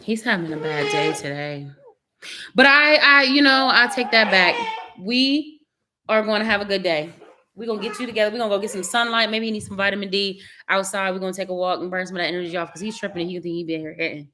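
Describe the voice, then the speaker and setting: Animated African American woman vlogger. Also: mid-range voice, fast, slight background noise. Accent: African American English. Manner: animated, laughs often, colloquial and emphatic. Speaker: vlogger, mother of young children. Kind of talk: casual chat to camera.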